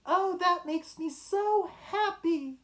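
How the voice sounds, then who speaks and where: A man voicing a lonely young woman without a nose, in a slow, high, put-on falsetto. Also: a bit bright, heavily acted. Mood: delighted. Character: lonely noseless young woman, sad then shy.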